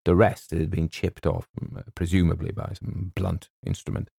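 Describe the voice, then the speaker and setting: A man's voice: low-pitched, vocal fry, darkish tone, no echo, clean studio sound. A man narrating a comic short story in a droll, wry storytelling manner. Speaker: audiobook narrator.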